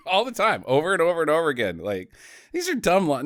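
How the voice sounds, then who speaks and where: A rambling, profane man co-hosting a comedy film review podcast. His pitch is middling but he swings it around a lot as he jokes. The sound is close and dry, with no room in it. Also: huge pitch swings, a little fast, fairly bright tone, no room sound. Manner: profane, rambling, jokey asides. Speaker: podcast co-host.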